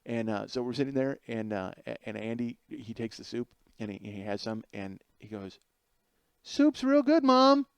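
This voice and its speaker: A middle-aged man hosting a podcast, telling a comedic story in an animated way, swearing freely and laughing through the punchlines. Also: fairly low pitch, normal speed, gravelly, hardly any pauses, smooth, dry recording, muffled recording. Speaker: podcast host.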